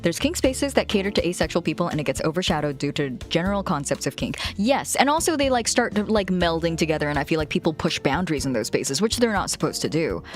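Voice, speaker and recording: A woman's voice: on the low side, fast, few pauses. A woman streamer chatting casually and frankly with her viewers, laughing often as she tells stories. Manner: frank, giggly, animated storytelling. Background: faint music.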